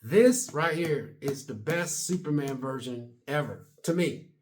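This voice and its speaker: A medium-pitched man in his late fifties or sixties vlogs casually to camera at a measured pace. He rambles in a chatty way and uses casual double negatives.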